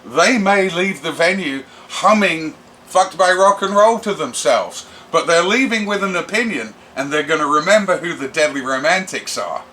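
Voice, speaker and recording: A middle-aged man, a rock musician telling stories in a brash, animated interview. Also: a little high, moderate pace, slight background noise. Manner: brash, animated, does voices for quoted people. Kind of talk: casual storytelling interview.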